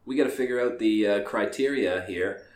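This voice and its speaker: A man co-hosting a podcast chats casually, trailing off and filling gaps with hesitations. His voice sits a little low. The room around him rings with a noticeable echo. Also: a little fast. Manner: rambling, many fillers, swears casually. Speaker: podcast co-host. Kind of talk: casual chat.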